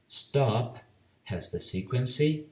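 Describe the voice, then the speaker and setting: A Brazilian man teaching a grammar lesson, with a Brazilian accent, speaking slowly and deliberately, spelling out letters and repeating each rule. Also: medium pitch, lively intonation, a bit bright, echoey room, recorded from a distance. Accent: Brazilian Portuguese. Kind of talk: slow bilingual grammar lesson.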